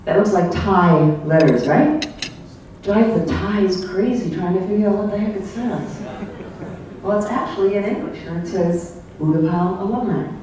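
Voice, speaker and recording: A man's voice: high-pitched, moderate pace, darkish tone. An older man giving a casual slide presentation to a club, rambling and anecdotal with plenty of ums and asides. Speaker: club guest speaker. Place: club meeting room. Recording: very echoey room, voice far from mic, faint hiss.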